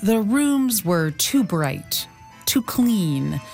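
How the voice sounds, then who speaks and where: A female reporter reading a scripted news feature in a measured storytelling delivery. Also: mid-range voice, very animated, vocal fry, a little mellow, faint music behind.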